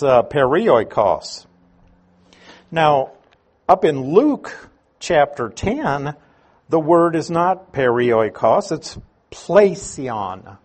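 A man preaching a sermon, teaching slowly and deliberately with emphatic stresses. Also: medium pitch, darkish tone.

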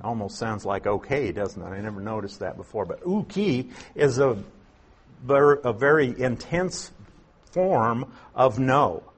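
Husky-voiced man teaching a Bible passage. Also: mid-range voice, expressive, a little slow. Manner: explanatory, rhetorical questions.

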